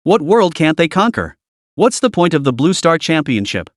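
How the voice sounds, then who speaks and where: A man voicing a brash, boastful young guild master who gloats excitably. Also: on the high side, normal speed, no room sound, clean studio sound. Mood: gloating.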